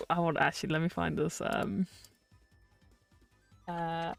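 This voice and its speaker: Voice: medium pitch, little pitch movement, measured pace, vocal fry, soft background music. A streamer in their twenties, chatting casually on a live stream in a rambling, filler-heavy way with frequent laughs.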